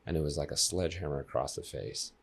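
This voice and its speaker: A man in his thirties speaks in a very low, gravelly register with a husky edge. He is a guest on a podcast and tells his stories with energy, turning now and then to speak straight to the listeners. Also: quick pace. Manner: animated storyteller who addresses listeners directly. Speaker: life coach guest. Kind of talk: casual podcast interview.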